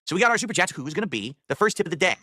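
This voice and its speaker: Fast-talking sarcastic streamer man. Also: high voice, very animated, pushed and bright, no echo. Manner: fast, chatty, dryly sarcastic. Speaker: streamer reading chat. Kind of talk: casual live-stream chat.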